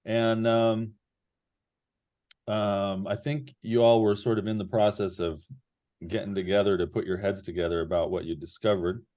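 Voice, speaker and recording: A man narrating as game master in an online tabletop game, relaxed and rambling with many fillers. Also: fairly low pitch, moderate pace.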